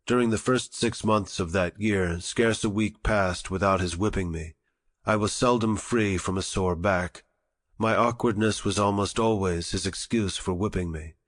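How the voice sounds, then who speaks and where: A man narrating an audiobook in a measured, formal reading style. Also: deep voice. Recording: long reverberant echo.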